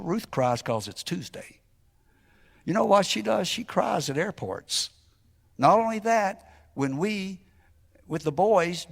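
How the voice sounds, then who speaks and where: A man preaching as a missionary, telling a story emphatically, rising to shouts and falling to near whispers. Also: sits high, creaky. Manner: emphatic, climbing to shouted exclamations, then dropping to a hush. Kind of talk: sermon storytelling.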